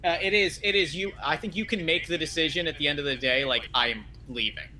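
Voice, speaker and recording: A man playing a tabletop role-playing game, quick to chime in with encouraging yeses. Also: on the high side, bright, forceful tone. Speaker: game guest player. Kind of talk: casual tabletop role-play.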